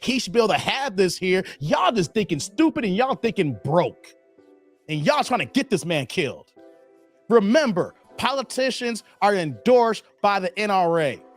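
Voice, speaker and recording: A man hosting a livestream, talking bluntly and casually to his chat. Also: high-pitched. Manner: animated, blunt, talks straight to chat. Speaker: livestream host.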